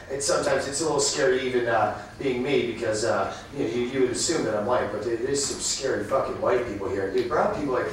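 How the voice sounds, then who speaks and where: Rambling comedian in an echoey club. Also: male voice, medium pitch. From Massachusetts. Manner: loose rambling delivery with many uh fillers and shouted bits. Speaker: stand-up comedian. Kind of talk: stand-up comedy set. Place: small comedy club, live audience. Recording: very echoey room, distant mic, faint noise.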